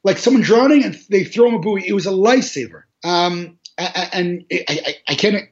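Interview guest: high-pitched man, animated storyteller with stumbling restarts, on dull lo-fi audio. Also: a little fast. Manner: animated, repetitive restarts, laughs while telling. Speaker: interview guest, charity organizer.

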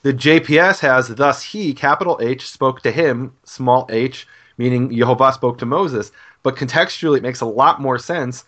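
A man's voice: medium pitch, moderate pace, fairly bright tone. A man teaching Hebrew in a casual Bible study discussion, explaining grammar patiently. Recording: dull lo-fi sound.

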